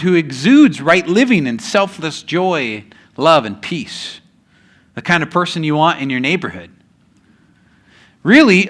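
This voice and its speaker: A male pastor giving a sermon, telling a story and slowing down for emphasis, with casual asides to the congregation. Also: on the high side, a bit bright.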